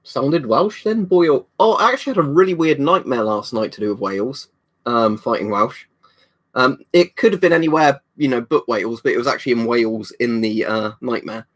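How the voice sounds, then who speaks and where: A British man hosts a casual livestream, reading out viewer comments between stories. His pitch sits right in the middle for a man, and he rambles with plenty of ums and restarts. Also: animated, fairly quick, fairly bright tone. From United Kingdom. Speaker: livestream host.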